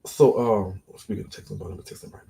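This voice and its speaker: A man's voice: lowish voice, quick pace, gravelly, mellow. A man casually telling a story from his own life in a rambling, digressive, slangy way. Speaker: storyteller recounting his own prison experiences.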